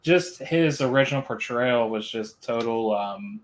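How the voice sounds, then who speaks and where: A man's voice: medium pitch, unhurried, low-quality recording. A man chatting on a live stream. He talks hesitantly with many fillers and a dry, sardonic edge. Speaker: stream panelist. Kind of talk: casual chat.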